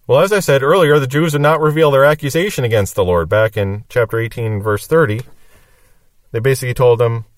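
A man teaches scripture in a steady, mid-pitched voice. He reads a verse and then explains it plainly. The sound is dry, and he stands a little back from the microphone. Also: brisk, no room sound, recorded from a distance. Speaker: Bible teacher.

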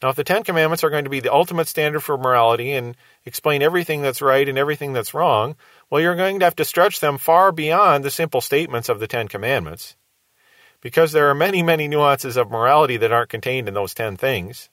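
A man's voice: medium pitch, fast talker, a bit bright, no echo. A man giving a radio Bible teaching in an earnest, reasoning way, posing rhetorical questions to his listeners.

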